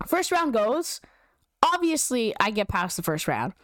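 A young woman telling a story in casual, animated chat, slangy and giggly with lots of "like". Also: a little high, unhurried, no room sound, clean studio sound.

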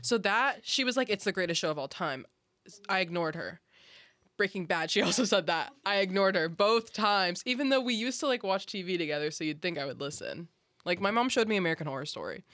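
A woman's voice: mid-range voice, expressive, brisk, a bit bright, dry recording. A young woman hosting a casual podcast chat, rambling through stories with lots of "like" and laughter. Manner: rambling storyteller, chatty and laughing. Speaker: podcast host.

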